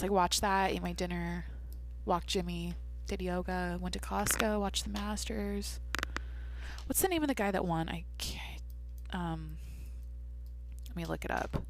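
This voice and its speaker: A woman's voice: lowish voice, creaky, fairly bright tone, slight background noise. A young adult woman hosting a casual solo podcast, rambling and swearing casually as she talks to herself. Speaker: podcast host.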